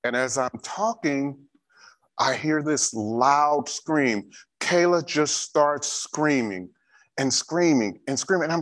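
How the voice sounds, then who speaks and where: Male church safety trainer, somewhat high voice, slow deliberate delivery, drives points home by repeating them. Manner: emphatic, repeats key instructions. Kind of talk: training talk with a personal story.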